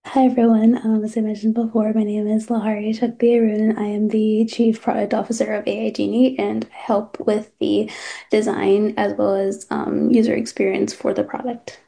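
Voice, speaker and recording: Gravelly-voiced young woman pitching a product. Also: level tone, moderate pace, dark tone. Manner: hesitant, filler-heavy, upspeak-prone. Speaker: chief product officer presenting a startup. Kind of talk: casual pitch presentation.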